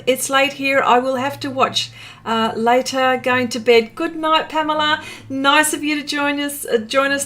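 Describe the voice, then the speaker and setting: Slow, chatty Australian woman. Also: a little high, a bit bright. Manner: chatty and slow, with many fillers and little laughs. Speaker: artist hosting a live stream. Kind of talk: casual chat reading out viewer comments.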